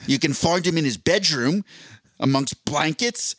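A man doing a mock-serious male wildlife presenter, narrating in a hushed documentary hush with a wobbly attempt at an Australian accent. His pitch swings widely, and the sound is dry and close. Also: lively intonation, a little slow, no echo.

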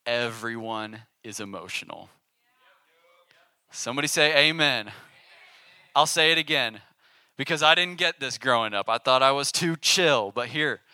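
A young man giving a casual, animated sermon to a youth group, with call-and-response. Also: medium pitch, clear, resonant tone, dry recording. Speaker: youth pastor.

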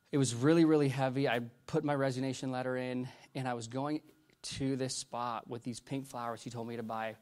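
In a mid-range voice, a middle-aged man shares his testimony from the pulpit. He stumbles, wanders and starts over often, moving back and forth between loud moments and softly told recollections.

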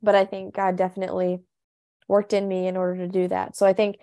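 A young woman, a coach co-hosting a faith podcast, chats earnestly and casually, sprinkling in lots of "you know" and "honestly." Her mid-range voice is mellow, fast, and monotone, recorded dry.

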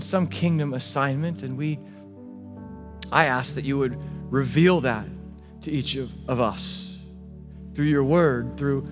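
A male pastor preaching a sermon, swinging between hushed, intimate passages and emphatic, rising declarations. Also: fairly high pitch. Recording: long hall reverb with faint music.

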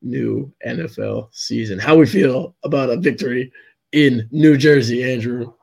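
Hoarse, gravelly young man chatting. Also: mid-range voice, unhurried, darkish tone. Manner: rambling, laughs often. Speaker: podcast co-host. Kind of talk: casual sports podcast chat.

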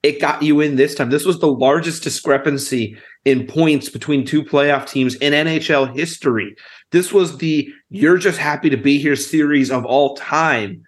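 A young man, a podcast co-host, breaking down hockey stats in quick, emphatic casual chat. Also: fairly high pitch.

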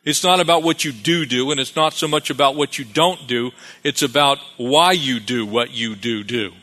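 A man's voice: medium pitch, moderate pace, pushed and bright. A man preaching a sermon as pastor, calling for amens and repeating phrases for emphasis. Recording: long reverb of a hall.

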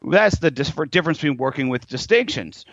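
A man's voice: on the high side, fairly quick, no room sound. A man, a doctor guest in an interview, telling stories animatedly and acting out quotes. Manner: animated storyteller, acts out quotes. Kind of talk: casual interview talk. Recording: dry, dull lo-fi sound.

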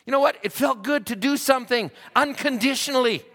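A man's voice: extremely high pitch, brisk, hardly any pauses, fairly bright tone. A man preaching a sermon, telling folksy everyday stories that rise into fervent exhortation. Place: church sanctuary. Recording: long church reverb.

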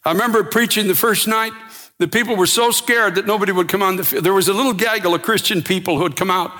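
Brief: male preacher, impassioned sermon, high bright tone, big reverberant hall. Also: fast talker. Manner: impassioned, builds to shouting.

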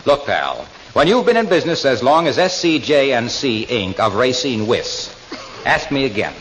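An actor playing a cheery male announcer who slips into polished commercial pitches in a 1940s radio comedy. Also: big pitch swings, moderate pace, fairly bright tone. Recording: noisy 1940s radio broadcast.

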